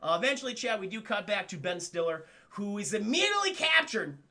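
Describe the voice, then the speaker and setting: A man's voice: high-pitched, fairly quick. A man casually recapping a film for his live-stream chat, swearing often and talking to the chat directly. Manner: profane, excitable, keeps addressing the chat.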